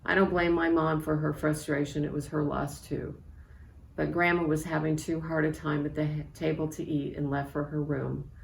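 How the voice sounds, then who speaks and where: Woman, sixties, author reading a memoir, low gravelly voice, echoey room, faint background hiss. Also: little pitch movement. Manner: measured, reflective storytelling. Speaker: author reading from her book.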